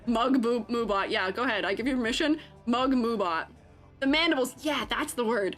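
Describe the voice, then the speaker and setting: A woman chatting casually on a livestream while she draws, a freelance artist and art educator, bubbly and quick to giggle. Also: sits high, sing-song, a bit bright, faint music behind.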